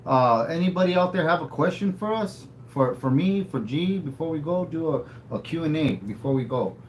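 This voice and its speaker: A man's voice: fairly high pitch, animated, moderate pace, a little hiss or hum, low-quality recording. A man co-hosting a casual livestream, rambling and laid-back, tagging sentences with "eh". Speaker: livestream co-host.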